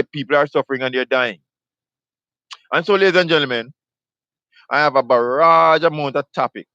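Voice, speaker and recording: A man's voice: mid-range voice, a bit bright, clear, resonant tone, no room sound. Emphatic preaching man, lo-fi dry sound. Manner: emphatic, repetitive, fires rhetorical questions. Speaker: host of a live video ministry. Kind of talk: preaching monologue.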